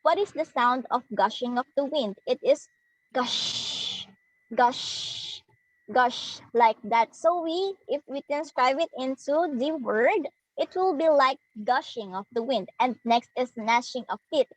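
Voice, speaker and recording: A woman's voice: sits high, lively intonation, normal speed, no echo, low-quality recording. A young woman giving a demo lesson, explaining step by step and acting out sounds as examples. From Philippines. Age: young adult. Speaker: student teacher. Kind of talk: demo lesson on figures of speech.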